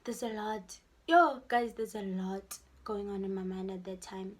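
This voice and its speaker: A young South African woman with a South African accent, telling a storytime vlog in an animated way and acting out the people in her story. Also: mid-range voice, measured pace. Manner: animated storytelling, switching into Sesotho-style phrases and acting out voices. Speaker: vlogger.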